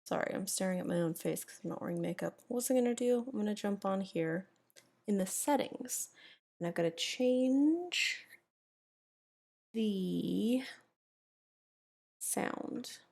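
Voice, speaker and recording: A woman's voice: mid-range voice, lively intonation, a little slow, vocal fry, a little mellow. A young woman chatting casually on a live stream from home, rambling to herself while she fiddles with her settings. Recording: faint background music. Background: faint music.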